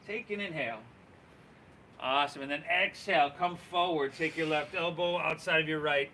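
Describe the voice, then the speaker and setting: A man guiding a live yoga class, cueing poses and breaths in an encouraging, relaxed and folksy way. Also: fairly high pitch, slight background noise. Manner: relaxed, folksy, says y'all. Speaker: yoga instructor.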